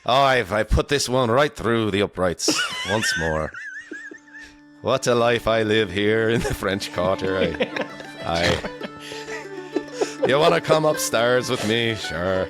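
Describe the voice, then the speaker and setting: A man's voice: fairly low pitch, lively intonation, slow pace, pauses often, music in the background. Man doing a cocky, lilting Irish kicker. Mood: flirty boasting. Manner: boastful, hammy lilting brogue.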